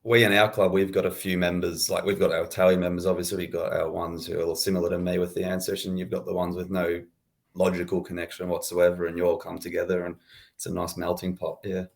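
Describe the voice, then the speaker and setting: A young Australian man in his twenties, a guest chatting casually and relaxed on a podcast, laughing easily. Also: deep voice, quick pace, gravelly. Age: 20s. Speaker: guest, supporters' club founder.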